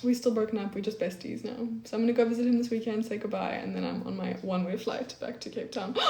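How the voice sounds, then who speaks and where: A woman's voice: medium pitch, steady tone, fast, gravelly, mellow, a little hiss or hum. A young woman in her twenties chatting casually on a live stream, peppering her talk with "like" and reading comments aloud. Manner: chatty, peppers speech with "like", reads chat aloud. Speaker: livestream host. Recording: echoey room.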